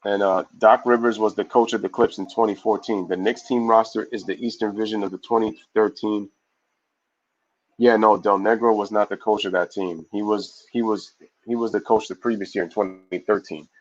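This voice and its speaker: A man hosting a casual live sports stream, reading viewer comments aloud and giving shout-outs in a loose, slangy way. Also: fairly low pitch, moderate pace, lo-fi sound. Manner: loose, slangy, animated opinions.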